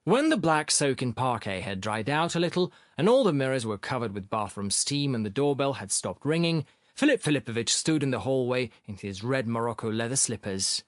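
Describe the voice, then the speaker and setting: The recording is dry and studio-clean as a man voices scripted audiobook narration. He reads at medium pitch in a measured, expressive way.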